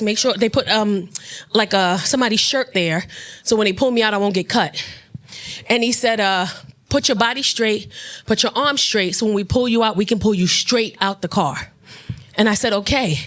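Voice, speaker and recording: A stand-up comedian, telling a loud, profane story on stage with punchy delivery. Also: female voice, fairly high pitch. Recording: noisy live club recording. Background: audience laughter.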